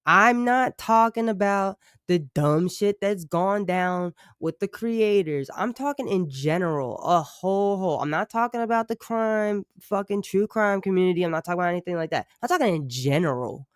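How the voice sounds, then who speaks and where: A slightly high-voiced man rambles through a live stream, swearing freely and breaking off to answer his chat. His voice is smooth and clear, and it is recorded dry and close, with no room sound. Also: moderate pace, few pauses, no room sound. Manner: profane, rambling, animated asides to chat. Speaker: true crime streamer and musician.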